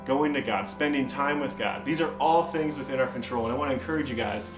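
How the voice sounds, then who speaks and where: A man's voice: medium pitch, fast talker, echoey room, music in the background. A young man giving a casual youth sermon, telling a story with lots of energy and acting out the voices of the people in it. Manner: animated, acts out quoted voices, frequent "man" and "like". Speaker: youth pastor.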